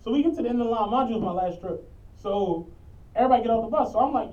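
A man, a podcast co-host and bus driver, telling stories in a loud, animated, profane way. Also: sits high, a little fast. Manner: animated, profane, acts out quotes. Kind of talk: casual storytelling chat. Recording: muffled lo-fi audio from a distant mic.

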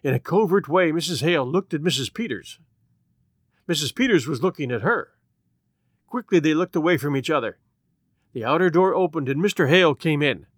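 A man narrating a story as an audiobook, with expressive, dramatic storytelling. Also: on the high side, brisk, no room sound, clean studio sound.

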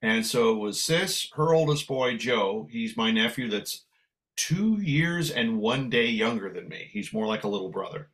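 Older man telling a lively story. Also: medium pitch, unhurried. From San Francisco, USA. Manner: animated anecdote telling with acted dialogue. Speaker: guest musician. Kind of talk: storytelling in conversation.

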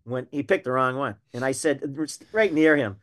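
A man's voice: mid-range voice, moderate pace. Older man, emphatic storyteller. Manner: animated anecdotal storyteller, emphatic. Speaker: retired wildlife biologist guest. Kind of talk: storytelling in a podcast interview.

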